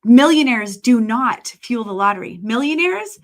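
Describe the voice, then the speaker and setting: A woman, a guest psychic telling stories in a casual podcast chat, animated and acting out the people she quotes. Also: fairly high pitch, moderate pace. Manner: storytelling, animated, acts out quoted voices.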